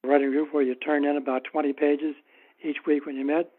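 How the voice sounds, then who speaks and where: A man as an author guest in a casual interview, telling anecdotes in an unhurried, wry way. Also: fairly high pitch, level tone. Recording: tinny phone-like line.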